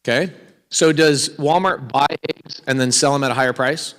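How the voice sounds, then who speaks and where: A man's voice: mid-range voice, normal speed, a bit bright, long reverb tail. A man giving a live real estate seminar, energetically quizzing the audience with questions and asking for raised hands. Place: large hall with an audience.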